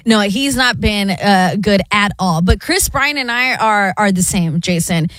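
A woman's voice: mid-range voice, lively intonation, a little slow, a bit bright, no room sound. A woman co-hosting a sports radio show, chatting casually and teasing her partner.

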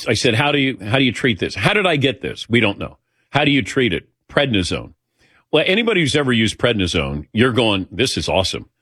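A man's voice: on the low side, a bit bright, no room sound, studio quality. A middle-aged man hosting a talk show, telling a personal story in a rambling, anecdotal way and acting out the dialogue.

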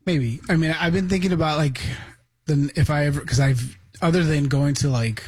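A man's voice: fairly high pitch, moderate pace, slightly rough, dry recording, poor audio. A man on a talk radio show answering casually and hesitantly, with many fillers.

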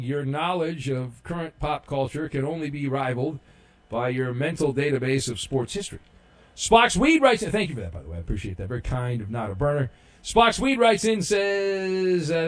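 A man's voice: a little high, animated, moderate pace. A man hosting a sports talk show, reading listener messages in a rambling, casual way with many fillers and restarts, and a dry, sarcastic humor.

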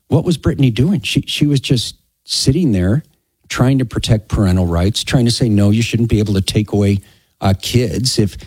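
Husky male talk radio host. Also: lowish voice, a little mellow, dry recording. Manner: halting, repeats words, emphatic. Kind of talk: opinionated political talk radio.

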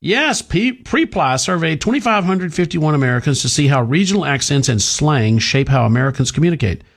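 A man's voice: fairly high pitch, lively intonation, fairly quick, gravelly. A man hosting a talk radio show, delivering an emphatic, sarcastic monologue with mocking asides.

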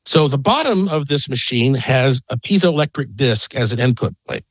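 A middle-aged man, a guest on a call-in radio interview, telling an excited, rambling story from his home. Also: mid-range voice, normal speed, husky, no echo. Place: home in Las Vegas.

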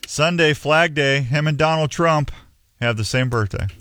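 A man's voice: on the high side, moderate pace, fairly bright tone, dry recording, studio quality. A middle-aged man hosting a show in a rambling, folksy, self-mocking way. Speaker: radio show host. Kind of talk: casual on-air chat.

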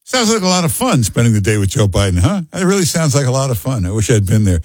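Male radio host, blunt and sarcastic, husky and dry. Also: medium pitch, big pitch swings, fast, few pauses, a little mellow, no echo. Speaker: radio talk show host. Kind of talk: call-in talk radio.

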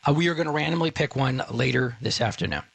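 Gravelly-voiced chatty man. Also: medium pitch, expressive, quick pace, a bit bright, no room sound. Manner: rambling, self-interrupting, enthusiastic. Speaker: radio show host. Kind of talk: casual radio chat with giveaway promo.

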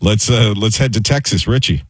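A man on a sports radio show, briskly bringing in callers and chiming into the banter. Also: on the low side, animated, breathy edge, dry recording. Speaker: radio producer taking calls.

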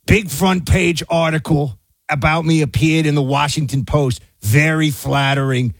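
A male talk radio co-host delivers heated political commentary with a fairly high voice. His tone is indignant and at times rises to a shout. The studio sound is close and dry. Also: steady tone, unhurried, no room sound.

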